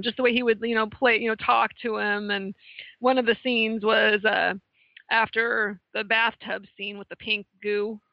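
A woman co-hosting a casual movie talk, chatty and quick to laugh as she retells favorite scenes. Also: mid-range voice, vocal fry, no echo, dull audio. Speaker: podcast co-host.

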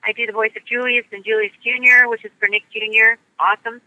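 A woman's voice: on the high side, level tone, quick pace, narrow, tinny audio. A woman who grew up in the United States, a voice actress chatting upbeat and bubbly in an interview. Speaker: voice actress guest. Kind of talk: casual interview chat.

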